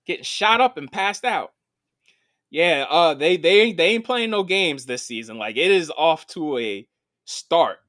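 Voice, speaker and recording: A man co-hosting a casual podcast, recapping TV episodes in an animated, profane storytelling way. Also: fairly high pitch, measured pace, no room sound, clean studio sound. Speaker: podcast co-host. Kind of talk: casual film and TV chat.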